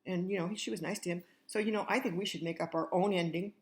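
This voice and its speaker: A grandmother speaks quickly in a fairly low, fairly even voice. She tells a children's fairy tale in a chatty manner, addressing the kids directly.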